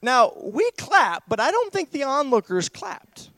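A man preaching a sermon as pastor, swinging from hushed asides to loud, raised declamation. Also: extremely high pitch, sing-song, unhurried.

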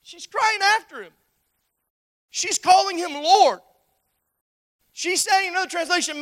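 A preacher delivers a sermon in a bright, sharp voice. The talk is conversational, driven by rhetorical questions and sudden shouts. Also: very high voice, a little slow, pauses often, no room sound.

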